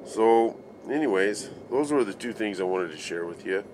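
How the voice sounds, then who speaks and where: A construction worker tells a rambling work story in a low, easygoing voice, swearing and laughing as he goes. He acts out the other men's lines, and a faint hiss runs under the recording. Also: lively intonation, moderate pace, a little mellow. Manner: laid-back, laughing, swears freely, acts out quoted voices. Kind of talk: casual storytelling vlog.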